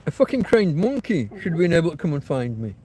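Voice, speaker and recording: Man, livestream host, rambling rant, swearing, fairly high voice. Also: big pitch swings, fast talker, mellow, slight background noise. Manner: ranting, swears freely.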